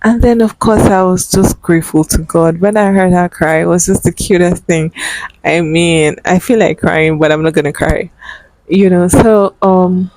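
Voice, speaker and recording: A woman's voice: on the low side, steady tone, normal speed, a little mellow, no room sound, poor audio. A young woman vlogger telling a personal story in an emotional, earnest way, with many fillers.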